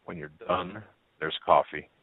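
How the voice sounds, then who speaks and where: A man's voice: low-pitched, unhurried, husky, no room sound, exaggerated voice. Man voicing a folksy old gas station owner. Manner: folksy, plain-spoken. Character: kind old widowed gas station owner, gruff but generous. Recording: tinny phone-like line.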